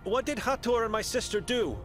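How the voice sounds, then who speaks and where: An actor playing an earnest monk investigator in a video game, asking polite, gently probing questions. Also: male voice, very high-pitched, a little fast, soft background music. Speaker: game character.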